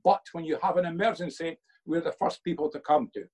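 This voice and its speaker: A man's voice: fairly high pitch, brisk, darkish tone, husky, low-quality recording. An older man, a father being interviewed by his son for a church video, telling earnest stories and quoting himself with emphasis.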